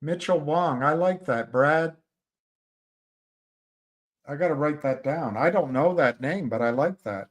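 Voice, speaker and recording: Brief: male livestream host, unhurried, halting storyteller with frequent restarts. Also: on the high side. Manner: halting, rambling, many restarts. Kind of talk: casual livestream chat and storytelling.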